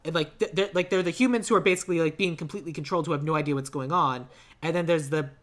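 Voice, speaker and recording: A man co-hosting a casual movie podcast, rambling with lots of fillers and quick to laugh. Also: on the high side, fairly bright tone. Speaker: podcast co-host.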